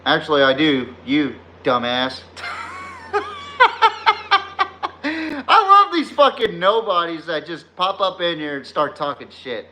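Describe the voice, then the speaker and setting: Man, podcast host, profane rant, high voice, slow talker, trash-talks chat. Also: sing-song, pushed and bright. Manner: laughs at his own jabs. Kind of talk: live-streamed sports rant.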